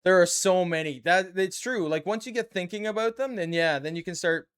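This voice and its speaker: A man's voice: sits high, fairly quick, clear, resonant tone. A Canadian man with a Canadian accent, casually chatting and bantering with his viewers while building a model kit on a live stream. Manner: chatty, playful banter with chat.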